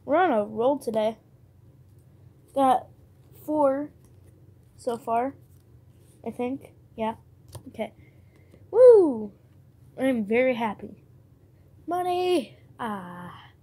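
A woman with a fairly high voice talks unhurriedly as she opens card packs. She mutters to herself, reads off names and now and then cheers. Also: takes it slowly, pauses often, slightly rough. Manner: chatty, muttering to herself, bursts of excitement. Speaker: card-opening vlogger. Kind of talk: casual chat while opening cards.

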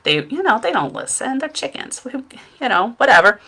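A woman's voice: a little high, sing-song, moderate pace, pushed and bright. A middle-aged woman chatting at home in front of her webcam, telling a rambling, self-deprecating story and laughing at herself. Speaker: makeup seller and vlogger. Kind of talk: casual storytelling vlog.

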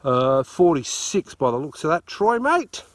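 A man's voice: on the high side, sing-song, a little slow. An Australian man hosting a metal detecting outing outdoors, chatty and joking, filmed on a phone. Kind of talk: casual chat. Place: dry field outdoors. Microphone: phone camera.

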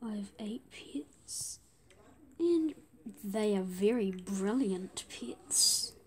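A woman giving gameplay commentary, often dropping to a whisper and breaking into excited bursts. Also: mid-range voice, very slow. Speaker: gamer.

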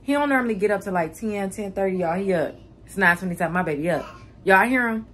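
A woman's voice: mid-range voice, animated, fast, a bit bright, a little hiss or hum. Chatty woman vlogging to her viewers. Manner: chatty, talks straight to viewers with "y'all". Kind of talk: casual vlog chat.

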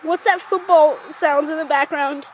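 Brief: woman doing a jittery scared lady, very high, slow and halting, always asking questions. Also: fairly even intonation, slight background noise. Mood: scared, questioning. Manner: nervous, keeps asking questions. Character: jumpy frightened lady exploring with a flashlight.

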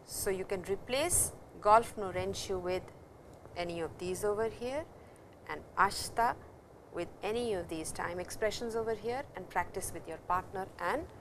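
A woman teaching a language lesson, explaining slowly and repeating each example sentence. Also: mid-range voice, a little hiss or hum, low-quality recording. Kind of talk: classroom lecture.

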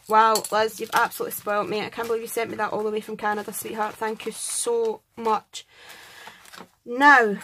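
A Scottish woman with a fairly high voice chats casually on a craft vlog. She gushes with excitement and thanks people over and over, with a faint hiss of noise behind her. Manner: excitable, gushing, effusive thanks. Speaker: craft vlogger. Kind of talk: casual chat unboxing and scoring craft entries.

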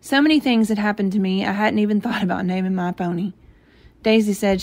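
A woman reading a novel aloud, telling the story gently and giving the characters light voices of their own. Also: medium pitch, brisk. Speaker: reader.

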